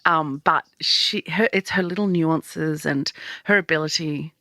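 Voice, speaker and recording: A woman's voice: low voice, unhurried, sharp tone, no echo. A young woman co-hosting a podcast, playful, jokey and enthusiastic in casual chat. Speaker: podcast co-host.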